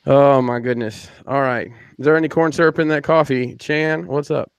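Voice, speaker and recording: A man's voice: medium pitch, fairly even intonation, moderate pace, creaky, clean tone, no room sound. A man hosting a podcast over a video call, joking loosely and swearing now and then. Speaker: podcast host. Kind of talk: casual chat.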